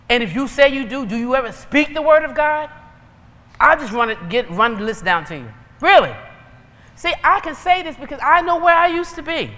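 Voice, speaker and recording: A woman preaches with a bright, forceful edge, talking to her listeners plainly and building up into urgent calls. Her voice rings out with the long reverb of a large hall. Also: sits high. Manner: lively, conversational preaching with rising exhortations. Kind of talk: sermon.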